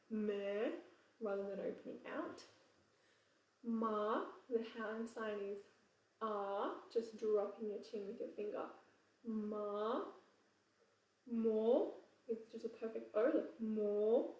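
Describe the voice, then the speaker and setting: A woman's voice: on the high side, distant mic. English woman coaching choir vowels, roomy echo. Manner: relaxed, chatty, demonstrates vowels by singing. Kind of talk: casual singing lesson with sung examples. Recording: roomy echo, voice away from the mic.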